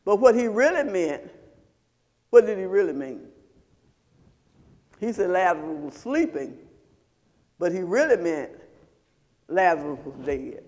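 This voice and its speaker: A man's voice: high voice, sing-song, unhurried, pauses often, darkish tone, in a large hall. A man preaching a sermon as pastor, quizzing the congregation in call-and-response style.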